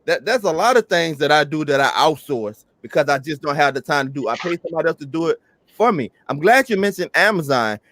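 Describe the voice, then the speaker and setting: Hyped youtuber guy preaching hustle, kinda high voice, dry sound. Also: expressive, fast talker, a bit bright, dry recording. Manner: emphatic, hyped-up motivational talk. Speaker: YouTuber and co-host. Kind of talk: casual chat.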